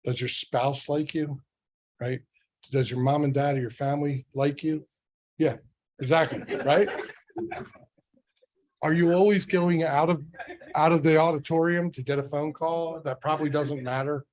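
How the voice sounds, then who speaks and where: A man's voice: on the high side, fairly even intonation, moderate pace, pauses often, a little mellow. A middle-aged man giving a motivational business training talk to sales agents. He speaks conversationally and keeps asking rhetorical questions. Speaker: real estate sales trainer.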